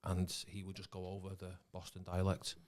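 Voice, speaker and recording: Low-voiced Mancunian man chatting. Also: a little fast. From Manchester. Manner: relaxed, swears casually, trails off mid-sentence. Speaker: actor and podcast guest. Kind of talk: casual podcast chat.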